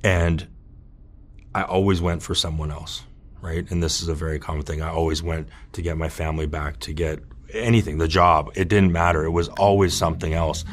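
A man openly telling his own recovery story, earnest and halting, with many restarts and "you know.". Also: extremely low pitch, fairly even intonation. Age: adult with children. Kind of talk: candid personal testimony.

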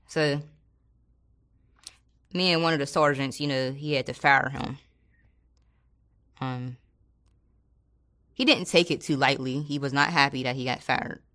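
A woman's voice: very deep voice, fairly even intonation, measured pace, long pauses, fairly bright tone. A woman, a former corrections officer, telling a story in a colloquial, casual way and acting out the people she quotes.

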